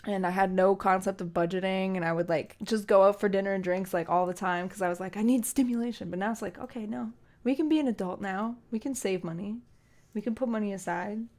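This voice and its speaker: A woman's voice: mid-range voice, a little fast, darkish tone. Teary woman streamer chatting casually. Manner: emotional, rambling, lots of fillers. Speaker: streamer and singer. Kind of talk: casual live-stream chat.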